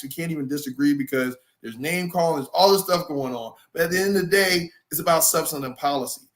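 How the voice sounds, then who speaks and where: A man with a high voice hosts a heated political talk show. He argues emphatically and mocks the guests he disagrees with. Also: fairly bright tone. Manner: mocking, emphatic, laughs at opponents. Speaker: show host.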